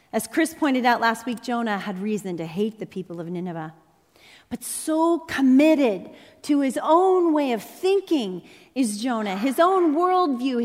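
A woman preacher delivering an impassioned, dramatic sermon in a church sanctuary. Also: a little high. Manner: impassioned, dramatic, rising and falling intensity. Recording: long reverb in a large hall.

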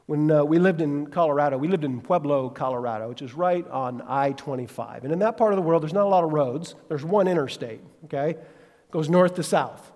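A man's voice: fairly high pitch, fairly quick, in a large hall. A male pastor preaching a sermon, telling stories animatedly and asking listeners direct questions. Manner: animated storytelling, acts out quotes, asks listeners questions.

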